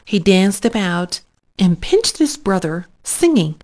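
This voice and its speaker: A woman reading a children's story aloud in a gentle, unhurried way. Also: medium pitch, sing-song.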